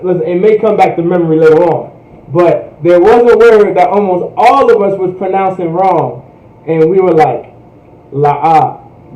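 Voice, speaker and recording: A man teaching a language class, talking casually and checking in with "right?" after nearly every phrase. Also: fairly high pitch. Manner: repeats "right?" and "all right?" constantly. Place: US, Hampton Roads area. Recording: roomy, dull livestream audio.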